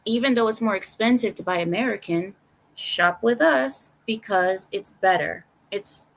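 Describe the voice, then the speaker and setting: An animated woman talking her opinions through on a casual live stream. She speaks directly to her viewers and circles back on phrases to press her point. Her voice sits at an ordinary middle pitch. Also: measured pace, vocal fry, poor audio. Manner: animated, talks straight to chat, repeats herself for emphasis.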